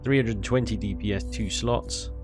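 A man giving casual, animated commentary on his gameplay, ranting and laughing with mild swearing. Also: on the low side, normal speed, over music. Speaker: gaming YouTuber.

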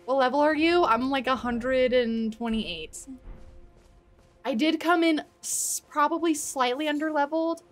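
A woman streamer giving excitable live commentary while playing a game, gasping often and swearing freely. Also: high-pitched, unhurried, soft background music.

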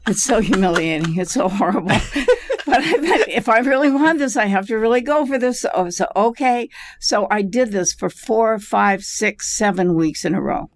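An older actress, a guest on a podcast, telling animated stories from her career with frequent laughter. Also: medium pitch, moderate pace, hardly any pauses, a little hiss or hum. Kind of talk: casual storytelling interview.

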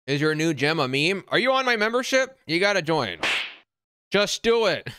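A man hosting a casual livestream, answering viewer comments in a blunt, brash, half-yelling way while wearing headphones. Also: a little high, big pitch swings, normal speed, background noise. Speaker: crypto channel host. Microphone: wearing noise-canceling headphones.

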